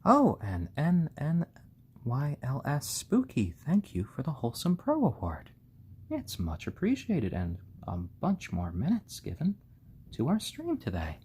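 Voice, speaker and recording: A man hosting a casual live stream, talking gently and fondly to his baby chicks and thanking viewers. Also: mid-range voice, huge pitch swings, a little slow, slight background noise. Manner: gentle, doting, talks softly to the chicks.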